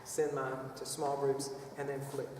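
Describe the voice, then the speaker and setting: A man's voice: medium pitch, completely flat delivery, moderate pace, recorded from a distance, noisy background. Chatty man teaching in echoey hall. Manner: chatty, rambling, with playful vocal demos. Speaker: children's choir clinician. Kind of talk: music workshop lesson.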